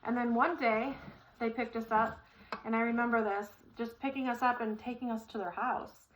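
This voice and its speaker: Middle-aged lady rambling thru a story while building a chair, kinda high voice, faint clicks behind. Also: steady tone, moderate pace, a little hiss or hum, poor audio. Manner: rambling, warm-hearted, many fillers and restarts. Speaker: vlogger.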